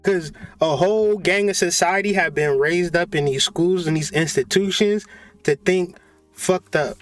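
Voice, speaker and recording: A man hosting a spiritual channel, delivering a profane, mocking, animated comedic rant. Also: sits high, unhurried, faint music behind.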